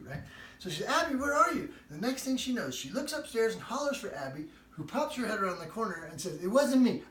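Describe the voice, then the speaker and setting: A man hosting a home cooking show, telling a funny family story while baking. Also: high-pitched. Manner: animated comic storyteller. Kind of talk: cooking demo with anecdote. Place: home kitchen. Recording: echoey, distant room sound.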